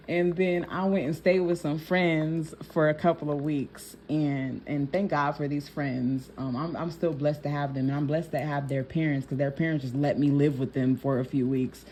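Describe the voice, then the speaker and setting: Low, mellow-voiced young woman chatting. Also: a little hiss or hum. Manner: chatty, laughs often, addresses viewers as y'all. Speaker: nail technician. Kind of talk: casual storytelling vlog.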